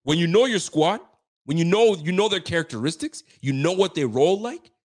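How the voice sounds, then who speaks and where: A man's voice: on the high side, lively intonation, moderate pace. Frustrated young man ranting after a loss. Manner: frustrated, venting, repetitive, slangy. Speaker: sports podcast host. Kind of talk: heated postgame rant.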